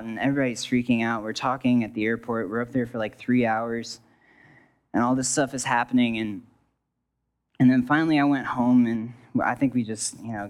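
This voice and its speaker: A young man telling a personal faith story to an audience, rambling with restarts and joking asides. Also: lowish voice. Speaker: speaker sharing a testimony.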